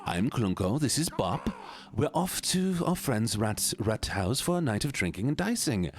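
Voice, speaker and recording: A man's voice: mid-range voice, very animated, normal speed, natural voice. Clunko, a man putting on a chirpy creature gambler. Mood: cheery. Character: jolly male creature gambler, cheeky and boastful. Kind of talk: reading game dialogue aloud in a voice.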